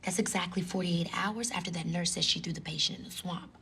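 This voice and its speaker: An actress playing a calm, matter-of-fact young woman investigator in a TV series. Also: on the low side, fast, a little hiss or hum. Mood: determined.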